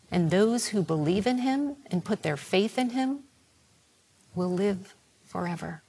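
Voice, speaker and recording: A woman preaching a sermon in a slow, reflective, prayerful way, her voice sinking toward a whisper. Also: mid-range voice, lively intonation, darkish tone, husky.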